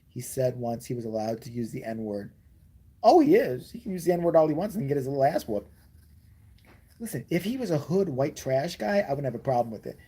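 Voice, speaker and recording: A man's voice: medium pitch, mellow, slightly rough. A man from Chicago in a profane, ranting comedic chat, full of slang. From Chicago, USA.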